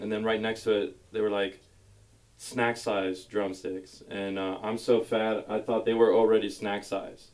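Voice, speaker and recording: A man with a fairly low voice works through a stand-up set on a club stage. He rambles through self-mocking stories into a handheld mic. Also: flat delivery, normal speed, a little mellow, rough recording. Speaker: stand-up comedian.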